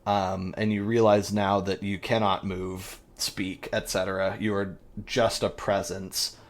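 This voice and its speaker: A man's voice: low voice, flat delivery, measured pace. A man narrating a tabletop game as game master, in a rambling, descriptive way with many fillers.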